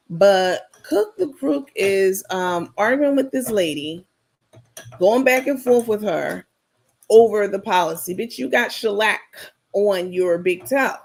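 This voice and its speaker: A woman's voice: mid-range voice, slight background noise. A woman hosting a livestream, chatting casually and digressing as she gossips and talks straight to her viewers. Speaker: livestream host.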